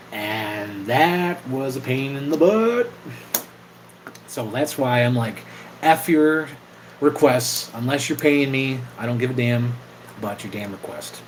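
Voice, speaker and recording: A man's voice: medium pitch, slight background noise, poor audio. A man chatting casually on an impromptu livestream, rambling, swearing now and then, and reacting to viewer comments. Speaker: live streamer and video maker.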